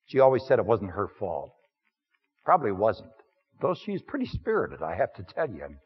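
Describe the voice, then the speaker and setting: A male preacher voicing a rough, humble working man who confides his story plainly and wryly. The voice is husky with lively pitch. The recording is dull and lo-fi. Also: moderate pace, full character voice. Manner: self-deprecating, confiding, plainspoken.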